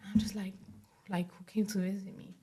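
A young woman talking as an interview guest, telling a personal story in a casual way. She speaks in quick runs full of "like" and acts out what others said. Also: mid-range voice, little pitch movement, crowd noise.

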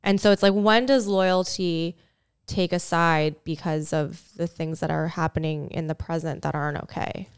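A woman's voice: deep voice, steady tone, moderate pace, clean tone, dry recording, studio quality. A woman co-hosting a podcast, asking rambling questions with many fillers and hesitations. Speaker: podcast co-host. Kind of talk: casual conversation.

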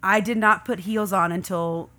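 A woman's voice: medium pitch, moderate pace. A woman in her thirties, a guest on a podcast, chatting casually and acting out the people in her stories. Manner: animated storyteller who acts out quoted people. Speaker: podcast guest, host's wife. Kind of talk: casual chat.

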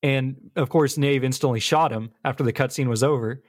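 A man's voice: mid-range voice, fairly quick. An easygoing man co-hosting a casual chat, recapping plots with fillers like "like" and "um".

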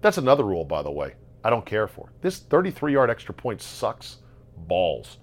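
A man hosting a solo sports talk show, ranting sarcastically about football results and jumping between loud outbursts and low muttering. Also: huge pitch swings, a little fast. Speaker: sports podcast host. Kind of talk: casual solo sports commentary.

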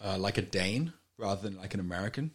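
A man's voice: low-pitched, animated, quick pace. A man with a British accent, chatting casually and teasing with lots of laughter. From United Kingdom. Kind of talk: casual chat.

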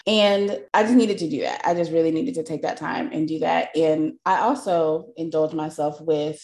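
A woman co-hosts a casual podcast, reflective and frank as she weighs her opinions. Her voice sits a little low. The recording carries a noticeable roomy echo. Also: steady tone, normal speed, a little mellow. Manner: thoughtful, reflective, candid. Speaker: podcast co-host. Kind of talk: casual chat.

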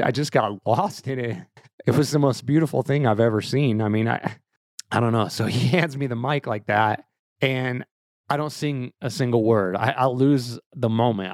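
A man's voice: medium pitch, dry recording, studio quality. A man in his thirties hosting a podcast, telling a personal family story in an earnest, emotional way, full of casual fillers. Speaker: podcast host.

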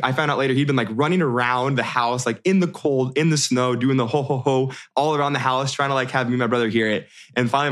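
Animated man in his thirties. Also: medium pitch. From United States. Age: 30s. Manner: animated, many restarts and fillers. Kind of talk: casual storytelling.

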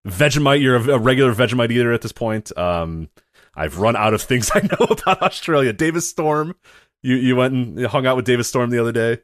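Fast, rambling male podcast co-host. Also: mid-range voice, lively intonation, no room sound, studio quality. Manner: rambling, self-correcting, laughs while telling stories. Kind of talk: casual chat.

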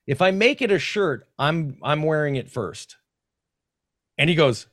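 A man guesting on a podcast, telling stories in a casual, animated, profane way with frequent restarts. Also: on the high side, unhurried, no room sound, studio quality. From North Carolina. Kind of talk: casual storytelling.

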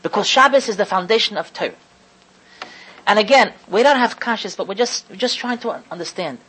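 A woman teaching a religious lecture to an audience, stressing key words slowly and often restarting phrases as she thinks aloud. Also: medium pitch, a bit bright, a little hiss or hum, low-quality recording. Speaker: Torah lecturer.

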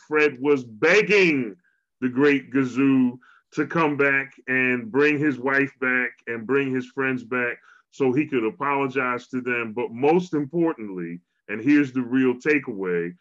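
A man co-hosting a podcast conversation, retelling a cartoon episode in a lively storytelling way and closing with an earnest message to listeners. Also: mid-range voice, unhurried. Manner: animated storyteller, preachy wrap-up. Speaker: podcast co-host. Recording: dull lo-fi sound.

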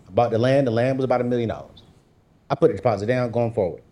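A man's voice: medium pitch, rapid-fire, mellow. A man speaking as a guest, telling a personal faith story in a casual, slangy way and acting out his own quoted lines with big jumps in his voice. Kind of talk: animated storytelling testimony.

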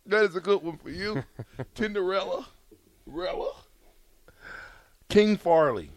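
A man's voice: sits high, slow pace, long pauses, dry recording. A man hosting a radio show in casual banter, reading listener texts aloud with a playful, teasing manner. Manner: playful, teasing, laughs often, animated. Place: radio studio.

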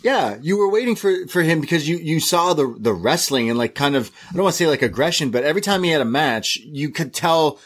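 A man's voice: a little high, lively intonation, brisk, few pauses, husky. A man co-hosting a podcast, talking casually in a rambling way with many fillers and restarts. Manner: rambling, filler-heavy with repeated words. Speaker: podcast co-host. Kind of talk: casual chat.

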